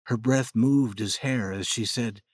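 A man narrating a storybook chapter in a plain, measured way. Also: mid-range voice, slightly rough, dry recording, clean studio sound.

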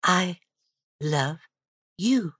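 A woman's voice: lowish voice, animated, very slow, no echo, clean studio sound, full character voice. Woman playing a shy, tender schoolgirl. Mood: hurt. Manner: hesitant, soft-spoken. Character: shy young schoolgirl, tender and easily hurt. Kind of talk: storybook reading.

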